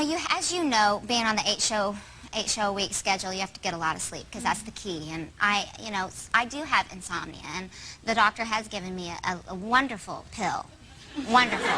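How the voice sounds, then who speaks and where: Giggly high-voiced woman telling stories. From Oklahoma. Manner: giggly, animated storyteller. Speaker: talk show guest. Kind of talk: chatty anecdotes on a talk show. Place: TV studio with audience. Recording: noisy TV studio recording.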